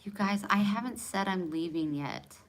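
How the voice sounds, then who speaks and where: A woman's voice: mid-range voice, moderate pace. A woman in her forties hosting a casual livestream, joking and self-mocking as she chats with viewers and laughs often. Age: 40s. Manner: candid, self-mocking and jokey, chatting to commenters by name; laughs often between lines. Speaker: livestream host. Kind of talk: casual live chat with viewers.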